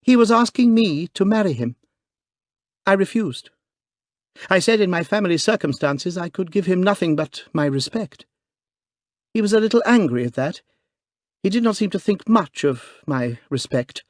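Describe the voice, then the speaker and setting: A man reading aloud, voicing a courageous young Scottish noblewoman with a clear, quivering voice. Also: high-pitched, lively intonation, moderate pace, long pauses, dry recording, clean studio sound, pitched above the performer's own voice. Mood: earnest, brave.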